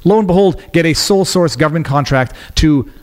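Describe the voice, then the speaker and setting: A man with a slightly raised voice talks as a podcast guest in loose, excitable bursts. He restarts his sentences often and trails off mid-thought before launching into the next point. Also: on the high side. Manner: rapid, animated, many restarts and trailing phrases. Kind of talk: casual political chat.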